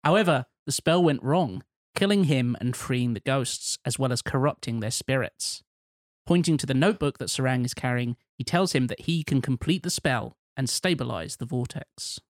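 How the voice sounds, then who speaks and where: A man co-hosting a casual podcast, reading plot points and filling in casting choices in a relaxed way. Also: mid-range voice, normal speed, dry recording, studio quality. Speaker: podcast co-host. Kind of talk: casual chat, reading out a film pitch.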